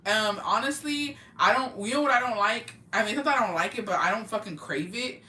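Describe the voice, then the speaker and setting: A young adult podcast co-host chats casually and tells animated stories, swearing a lot and mixing in slang and Spanish. The voice is medium in pitch and fairly quick. The audio is roomy and off-mic, with faint ambience in the background.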